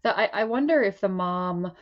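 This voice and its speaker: A woman's voice: mid-range voice, animated, moderate pace, highs cut off. A woman co-hosting a podcast as a mental health clinician, musing tentatively with many fillers. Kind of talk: casual podcast discussion.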